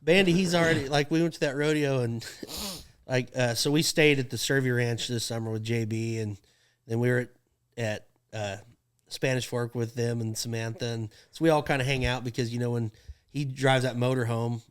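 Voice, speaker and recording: This rodeo clown tells stories on a casual podcast, laughing often and acting out what people said in an animated way. His voice is medium in pitch, clear and resonant, at a moderate pace.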